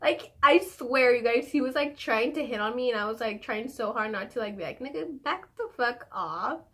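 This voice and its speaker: A woman's voice: on the high side, steady tone, fairly quick. A young adult woman telling a story in casual vlog style, chatty and profane, full of fillers. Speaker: vlogger.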